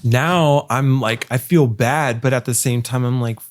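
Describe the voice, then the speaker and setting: A man hosts a podcast and tells a wild work story in loose, swearing chat. His voice sits at an everyday middle pitch, and he keeps the telling animated. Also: a little slow. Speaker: podcast host. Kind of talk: casual storytelling.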